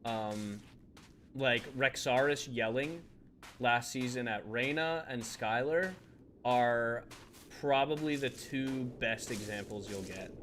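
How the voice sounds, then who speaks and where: A man's voice: medium pitch, slow pace, fairly bright tone, slight background noise. Chatty young man streaming. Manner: chatty, laughs often, reads chat aloud. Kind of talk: casual live-stream chat while gaming.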